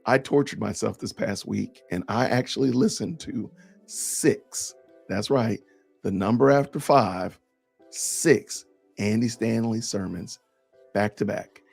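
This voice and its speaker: Podcast guy w a gravelly husky voice, emphatic and a bit sarcastic, faint music behind. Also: on the low side, takes it slowly, darkish tone. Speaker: podcast host. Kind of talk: casual commentary reading comments.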